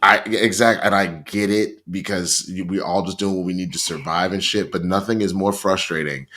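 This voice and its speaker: A man with a fairly low voice reviews a TV episode in loose, casual chat. He tells long, profane stories with lots of energy and keeps slipping into other people's voices to act them out. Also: moderate pace. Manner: animated, profane storytelling with acted-out voices. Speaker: TV show reviewer.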